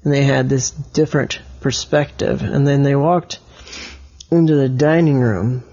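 Gravelly man telling a halting story. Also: medium pitch, fairly even intonation, mellow, lo-fi sound. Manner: halting, with many restarts and explanations. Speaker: storyteller to a child. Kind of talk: improvised bedtime storytelling.

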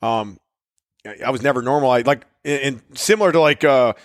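A man's voice: medium pitch, brisk, no room sound. A middle-aged man co-hosting a podcast, talking bluntly and defiantly and swearing freely. His voice sits in an ordinary middle range, and the recording is dry and close. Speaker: podcast co-host. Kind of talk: casual chat.

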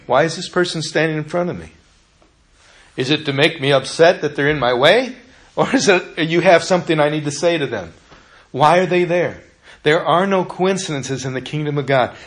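Conversational preaching man, slightly high voice. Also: a bit bright. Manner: conversational preaching with personal stories and quick repetitions. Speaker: pastor. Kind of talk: sermon.

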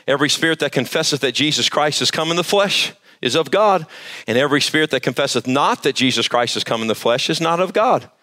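A pastor preaching to a live church service, emphatic and quizzing the congregation for answers. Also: male voice, fairly high pitch, bright, forceful tone. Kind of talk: sermon.

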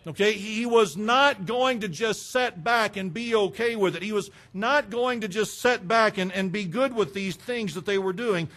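A man preaching a sermon, fervent and emphatic, breaking into loud bursts. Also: high-pitched, moderate pace, few pauses.

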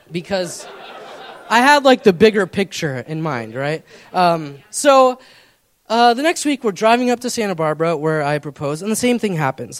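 A young man preaching, telling a personal story in a casual, rambling way with many fillers. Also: high-pitched. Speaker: pastor. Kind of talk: storytelling sermon.

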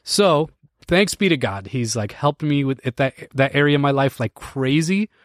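An American man near forty tells a story with lots of animation, restarting sentences and laughing between thoughts. His voice sits at a medium pitch. It is recorded on a close mic in a dry space with no room echo. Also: lively intonation, moderate pace. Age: 30s. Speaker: podcast host. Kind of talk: casual storytelling to a live stream audience.

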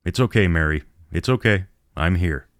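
A man's voice: sits low, normal speed, dry recording, studio quality, lightly acted. A man reading the part of a tender young husband who soothes and reassures his wife in a horror audiobook. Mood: soothing.

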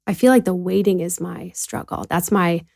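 A woman co-hosting a casual faith podcast, talking in a soft, heartfelt way about her own struggles. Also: lowish voice, normal speed, gravelly, no echo, studio quality. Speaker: podcast co-host.

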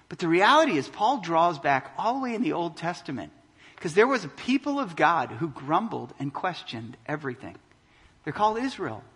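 Bright-voiced preacher in a big hall. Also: male voice, on the high side, breathy edge. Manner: impassioned preaching, builds to loud emphatic peaks. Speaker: pastor. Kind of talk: sermon. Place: church hall.

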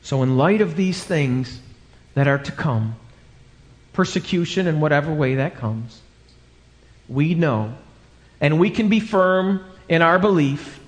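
A male pastor preaching a live sermon, telling a story dramatically and acting out the voices in it. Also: on the high side. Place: church sanctuary. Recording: live church hall with long reverb.

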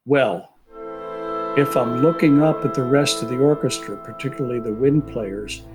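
An orchestra conductor appears as an interview guest, telling anecdotes from rehearsals and laughing easily in a storytelling interview. His voice is mid-range and moderately paced, heard over music.

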